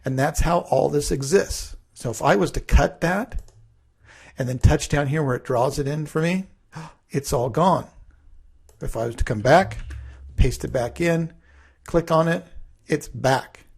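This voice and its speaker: A man teaching a class through a relaxed, conversational screen-recorded coding tutorial, thinking aloud as he works. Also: on the high side, measured pace, vocal fry, pauses often, slightly rough.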